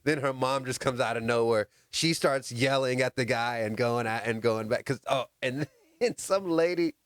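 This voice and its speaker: A man co-hosting a casual podcast, animated and quick to laugh as he tells stories. His voice sits at a middle pitch. He is recorded in a dry, close setting. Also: clean tone, no echo. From United States. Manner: laughs often, animated storytelling. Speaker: podcast co-host. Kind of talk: casual chat.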